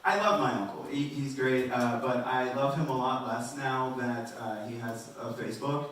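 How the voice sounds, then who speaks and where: A man doing a stand-up comedy set in a club, rambling and self-deprecating, with halting restarts. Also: medium pitch, fairly bright tone. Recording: roomy and distant, faint noise.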